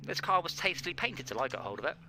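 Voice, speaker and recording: A man's voice: fairly high pitch, big pitch swings, rapid-fire, pushed and bright, slight background noise. A man chatting casually and joking while streaming a racing game. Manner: joking, rambling with fillers. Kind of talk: casual chat while gaming.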